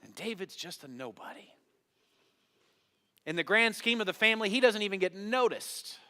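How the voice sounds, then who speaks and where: A man's voice: high-pitched, animated, normal speed, pushed and bright. A man preaching a sermon as pastor, telling a Bible story dramatically and putting questions to the congregation. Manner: dramatic storytelling, acting out biblical voices, asking the congregation questions. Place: church sanctuary. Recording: long hall reverb of a church.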